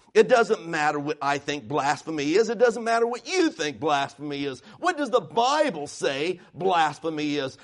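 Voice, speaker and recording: A man preaching a sermon, emphatic and asking the congregation questions as he goes. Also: high voice.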